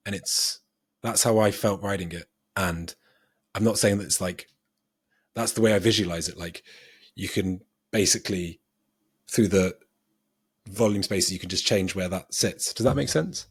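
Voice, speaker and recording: Man, husky low voice, dry close recording, casual rambling podcast chat, thinks out loud. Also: normal speed, long pauses, no room sound. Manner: rambling, self-laughing, thinks aloud with ums. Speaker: podcast co-host.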